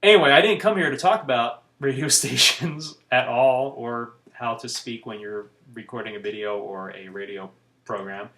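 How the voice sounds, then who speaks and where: A man's voice: mid-range voice, normal speed, pushed and bright, reverberant. A man vlogging to camera in casual, rambling chat, with wry asides as he talks.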